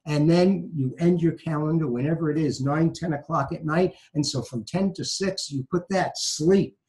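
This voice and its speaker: With a light Brooklyn accent, a law professor from New York offers forceful advice in a conversational way, circling back to his main phrases. He speaks at a moderate pace in a slightly high, somewhat mellow voice over a rough recording.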